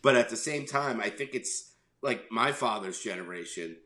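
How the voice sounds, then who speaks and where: A man's voice: mid-range voice, lively intonation, normal speed, bright, forceful tone. A middle-aged man from New York chatting casually as a podcast co-host, telling a rambling story, swearing freely and acting out voices. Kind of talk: casual chat. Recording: echoey room.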